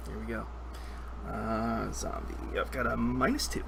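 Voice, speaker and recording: A man's voice: lowish voice, fairly even intonation, measured pace, vocal fry, heavy background noise. A man running a tabletop game as game master, narrating the action and thinking aloud over dice with easy chuckles.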